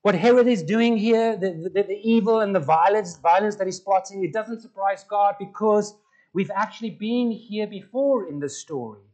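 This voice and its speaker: A man's voice: high voice, moderate pace, a little mellow. A man preaching a conversational sermon and putting questions to the congregation. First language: Afrikaans. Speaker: pastor.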